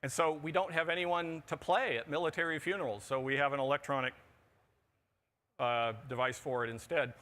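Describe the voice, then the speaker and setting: A man's voice: fairly high pitch, steady tone, a little fast, a bit bright. A middle-aged man giving a humorous conference talk, with wry jokes and asides. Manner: wry, joking delivery with asides. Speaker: conference speaker. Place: conference pavilion on a show floor.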